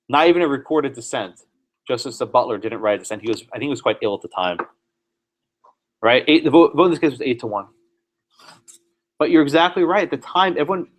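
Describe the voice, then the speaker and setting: A man, a law professor, giving a classroom lecture, animated and sometimes sarcastic, putting questions to students. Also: a little high.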